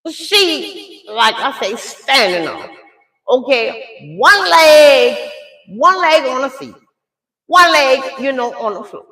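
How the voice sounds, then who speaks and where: A middle-aged woman telling a story live in a casual way, animated and talking straight to her audience. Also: sits high, slow pace, roomy sound, low-quality recording.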